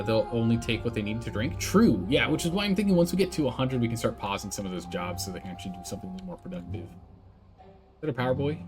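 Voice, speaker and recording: A man casually commentating his building game on a live stream, thinking aloud, answering chat and laughing often. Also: medium pitch.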